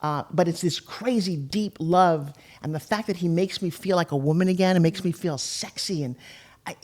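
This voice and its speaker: A woman's voice: on the low side, darkish tone. An older woman speaking as a podcast guest in a heartfelt, emotional conversation, at times close to tears. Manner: fast, heartfelt, tearful at times. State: tearful.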